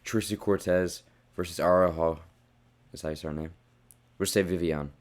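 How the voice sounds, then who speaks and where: A young man with a low voice tears through a casual fight recap, blunt and profane. He gets heated and loud at times, and his voice sounds a bit worn from shouting. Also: fairly even intonation, brisk. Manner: blunt, profane, worked-up rants. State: losing his voice. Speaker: fight reviewer.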